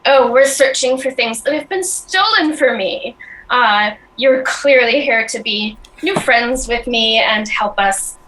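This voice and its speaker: A woman's voice: on the high side, unhurried, fairly bright tone, low-quality recording. A woman voicing a charming, self-praising male goblin who gushes over new friends. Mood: eager.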